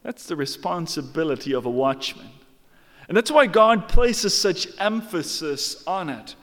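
A man's voice: a little high, animated, a little slow, a bit bright, in a large hall. A man preaching a sermon with emphatic, dramatic storytelling and rhetorical questions.

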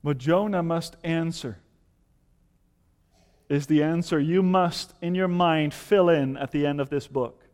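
A man's voice: fairly high pitch, measured pace, a little mellow, big-room sound. A man preaching a sermon with impassioned, rising appeals to his listeners.

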